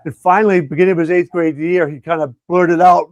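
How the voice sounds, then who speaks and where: A middle-aged man with a somewhat high voice tells a personal story in an earnest, reflective way, often restarting his sentences. The recording is close and very dry, with no room sound. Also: fairly even intonation, brisk, few pauses, dry recording. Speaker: education coach and conference speaker.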